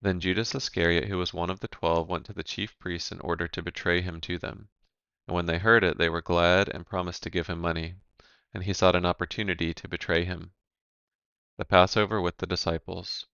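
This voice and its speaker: A man giving a measured, even reading of Bible scripture, announcing each section heading. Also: low-pitched, creaky, clean tone, dry recording, dull audio. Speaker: scripture reader.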